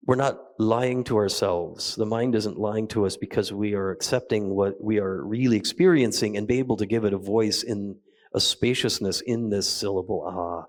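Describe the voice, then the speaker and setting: A man with a fairly low voice leads a meditation practice at a retreat. He talks slowly and gently, leaving soft pauses between phrases. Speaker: meditation teacher. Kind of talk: guided meditation talk. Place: retreat hall.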